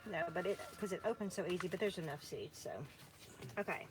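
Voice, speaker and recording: A woman's voice: fairly low pitch, brisk, background noise. A woman, chatting and rambling with many fillers as she plants seeds with her co-host. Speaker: farm co-host. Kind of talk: casual chat while planting seeds.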